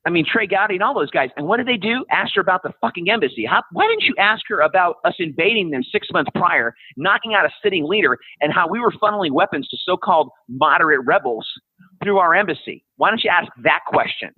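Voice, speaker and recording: A man in his fifties, a podcast guest, ranting bluntly in casual conversation, profane and sarcastic, often mocking people in high-pitched put-on voices. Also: lively intonation, quick pace, breathy edge, no echo. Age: 50s. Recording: tinny phone-like line.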